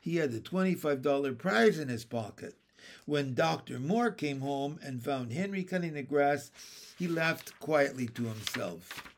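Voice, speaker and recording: A man reading a children's book aloud as narrator, slow and careful. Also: on the high side, lively intonation, gravelly.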